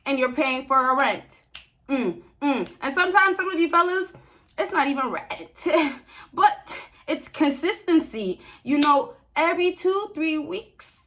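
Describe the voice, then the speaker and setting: A woman's voice: high voice, animated, measured pace, a bit bright. A young woman giving relationship advice to men in a casual, preachy vlog, repeating herself for emphasis and laughing often. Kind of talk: casual direct-to-camera advice talk.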